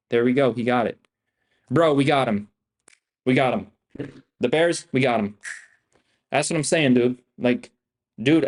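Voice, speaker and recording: A man's voice: medium pitch, darkish tone. A young man giving casual live-stream trading commentary, hyped and profane, full of slang and repetition as he talks to his viewers. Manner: hyped, profane, slangy, repeats himself, calls viewers "bro" and "guys". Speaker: day trader streaming live.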